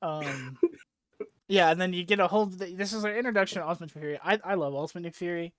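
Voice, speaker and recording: A man's voice: high-pitched, quick pace. A young man casually recapping a comic book on a podcast, rambling and profane, with frequent "like" and laughs. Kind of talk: casual chat.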